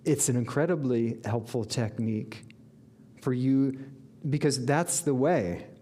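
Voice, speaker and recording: Man, spiritual teacher, slow-paced sermon, earnest, reflective, mid-pitched voice. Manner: slow, earnest and reflective, with lively bursts of enthusiasm. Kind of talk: inspirational sermon.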